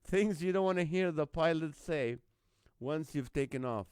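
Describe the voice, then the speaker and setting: A man's voice: fairly high pitch, moderate pace, darkish tone, clear, resonant tone, dry recording. A man hosting a live online comedy show, reading out viewer jokes, greeting viewers by name and laughing often at the lines.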